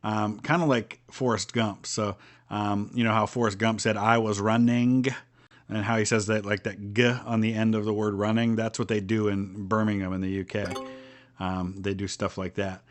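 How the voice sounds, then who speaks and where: Middle-aged Midwestern American man, game streamer, rambling, low-pitched. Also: little pitch movement, normal speed. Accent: General American Midwestern. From Northeast Ohio, US. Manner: chatty, rambling, with frequent ums and restarts. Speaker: streamer playing a strategy board game with viewers. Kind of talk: casual live-stream chat.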